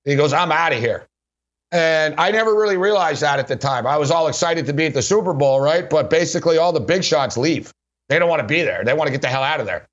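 Male sports radio host, a bit high-pitched, loose and laughing anecdotes, muffled lo-fi recording. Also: fast talker. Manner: rambling, laughing often, heavy use of "like". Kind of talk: casual anecdotal storytelling. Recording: dull lo-fi recording.

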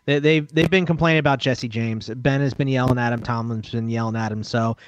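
A man's voice: medium pitch, steady tone, a little fast, clear, resonant tone, dry recording, dull audio. A man co-hosts a casual sports radio podcast, reeling off long lists of names in a mid-range voice and laughing easily along the way. The dry, close mic leaves almost no room sound. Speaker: podcast co-host.

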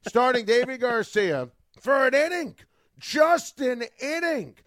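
A man's voice: extremely high pitch, animated, measured pace, fairly bright tone, no room sound, clean studio sound. A man delivering an angry sports rant as a commentator, fuming and stacking adjectives in threes.

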